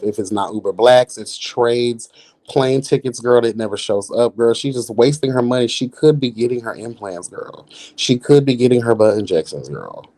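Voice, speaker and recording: A man with a mid-range voice hosts a live reality TV review stream. He roasts the cast in a sassy, profane way and keeps calling everyone "girl." He breaks into laughter between jabs. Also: medium pitch. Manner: laughs often, animated roasting. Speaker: reality show commentator, host.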